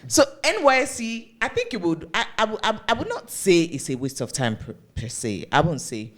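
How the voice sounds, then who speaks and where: Low-voiced woman podcast host. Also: very animated, normal speed. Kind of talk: casual chat.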